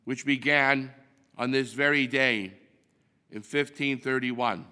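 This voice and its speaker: A man, a priest, giving the Mass readings and homily in a measured, deliberate delivery. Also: medium pitch, steady tone, sharp tone, smooth. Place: church. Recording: long church reverb.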